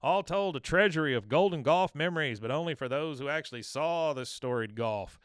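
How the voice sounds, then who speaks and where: Male podcaster as a smug cartoon buddy, loud and a bit high, gloating. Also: expressive, a little fast, smooth, no echo, studio quality, lightly acted. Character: smug gloating middle-aged man.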